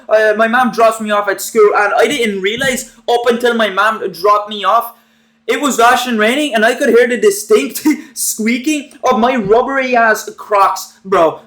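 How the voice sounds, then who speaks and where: A young man with a high-pitched voice rambles through an embarrassing school story. He swears freely, mocks himself and stumbles over fillers and restarts as he goes. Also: pushed and bright. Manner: rambling, crude, self-mocking, many fillers and restarts. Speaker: storytime vlogger. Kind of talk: casual storytelling.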